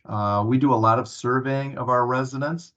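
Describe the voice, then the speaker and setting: A man's voice: mid-range voice, fairly even intonation, normal speed, sharp tone. A man giving a staff training presentation at a town hall meeting, earnest and full of filler sounds and restarts. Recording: muffled lo-fi recording.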